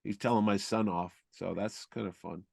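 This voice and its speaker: A man co-hosting a podcast in casual chat, telling stories in a rambling, animated way. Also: fairly low pitch, normal speed, creaky, dry recording, studio quality. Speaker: podcast co-host.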